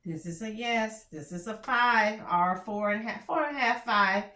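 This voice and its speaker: A woman's voice: mid-range voice, normal speed, sharp tone, roomy sound. A woman with a country Texas drawl chatting candidly as she reviews fragrances, often restarting her sentences. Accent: Texan. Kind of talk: casual product review chat.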